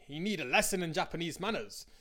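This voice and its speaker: Brief: rough, bellowing drunk man, read by a male narrator, slightly higher voice. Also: expressive, fast talker, fairly bright tone. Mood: belligerent. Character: big drunk male labourer, belligerent.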